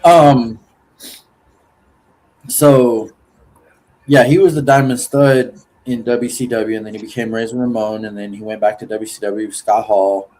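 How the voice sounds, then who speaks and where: A man's voice: lowish voice, fairly even intonation, unhurried, pauses often, darkish tone. A man hosting a casual podcast chat, rambling and swearing freely, often laughing. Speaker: podcast host.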